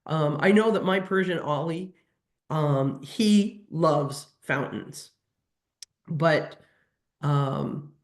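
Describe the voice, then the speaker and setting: A woman's voice: sits low, extremely slow. A woman who works as a veterinary nutrition technician, answering audience questions in a webinar, hesitant with many fillers and restarts.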